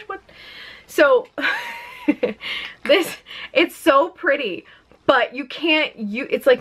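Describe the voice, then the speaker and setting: A young woman vlogging a makeup unboxing at home in a chatty, excitable, self-mocking way. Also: a little high. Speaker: beauty vlogger. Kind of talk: casual unboxing vlog. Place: home room with a ring light.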